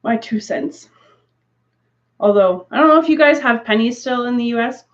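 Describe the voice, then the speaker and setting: Here a woman from Canada speaks at normal speed in a voice on the high side. She's casually chatting live with viewers of her craft stream, wandering into asides and laughing a lot, all captured in dull, lo-fi stream audio.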